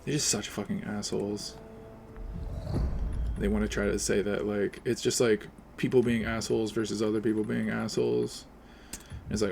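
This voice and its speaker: A man's voice: medium pitch, moderate pace, gravelly, pauses often. Guy streaming a game, sarcastic ranty swearing, bit of hiss behind him. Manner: sarcastic, profane, animated. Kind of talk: casual ranting while playing a game.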